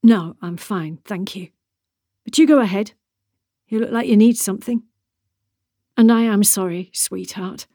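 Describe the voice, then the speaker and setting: A woman voicing a calm, softly spoken husband, gently reproachful. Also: mid-range voice, unhurried, pauses often, no echo, studio quality. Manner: soft, gentle, mildly reproachful. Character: calm evasive man, returned husband. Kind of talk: audiobook character reading.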